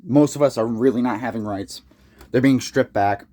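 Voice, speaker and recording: This young American man rants about politics to camera in a casual, profane, heated way, rambling and frequently starting over. His voice is mellow, medium in pitch, and at a normal speed.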